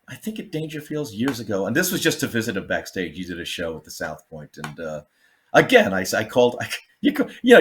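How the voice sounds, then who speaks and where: An older man, a comedian, telling stories in a casual chat and acting out the people he quotes. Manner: animated, acts out quotes with big jumps in pitch. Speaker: comedian guest.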